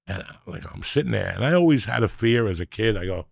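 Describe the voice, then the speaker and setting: A man's voice: fairly low pitch, animated, quick pace, vocal fry, hardly any pauses, no room sound, studio quality. A man in his sixties hosting a podcast, telling rambling, profane stories and teasing his co-host. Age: 60s. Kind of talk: casual chat and storytelling.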